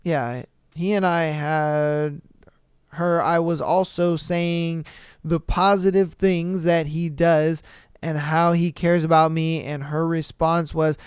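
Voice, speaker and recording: A man's voice: a little high, fairly even intonation, slow pace, clear, resonant tone, no room sound, clean studio sound. A man hosting a podcast who reads a listener's story aloud, then comments on it bluntly and animatedly, swearing casually. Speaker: podcast host.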